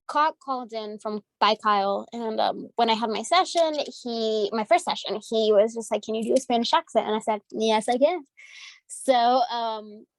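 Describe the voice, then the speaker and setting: An upbeat woman from the United States talking as an interview guest, her voice a little high. She speaks effusively with plenty of "um" and "like", close and dry. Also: no room sound. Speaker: voice actress guest. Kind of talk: casual interview.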